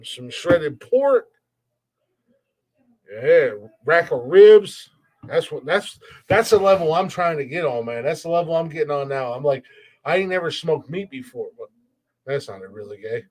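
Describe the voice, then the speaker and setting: A man from the United States hosting a comedy podcast, chatting casually and playfully, teasing and mocking himself. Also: on the high side. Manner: playful, joking, self-mocking. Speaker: podcast host.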